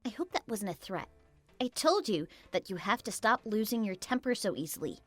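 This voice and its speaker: A woman's voice: mid-range voice, sing-song, normal speed, a bit bright, dry recording, soft background music. A woman's text-to-speech voice as a worried wife who pleads and questions. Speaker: wife and story narrator.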